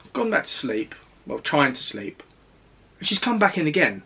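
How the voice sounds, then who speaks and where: A man's voice: on the high side, big pitch swings, normal speed, creaky, long pauses, sharp tone, husky. A young man, casually recounting a personal story to camera in a rambling, self-deprecating way. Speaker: fitness vlogger.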